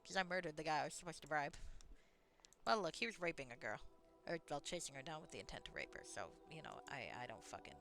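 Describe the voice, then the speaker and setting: Bright-voiced woman streamer, chatty. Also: sits low, lively intonation, fast talker, faint music behind. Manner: chatty, frank, self-mocking. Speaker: streamer playing a roleplaying game. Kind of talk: casual live-stream commentary.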